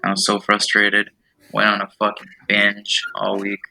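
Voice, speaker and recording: Flat-voiced young man, bright tone. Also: on the low side, normal speed, creaky, low-quality recording. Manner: flat, blunt, self-deprecating. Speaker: podcast co-host. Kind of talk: casual chat. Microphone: remote call.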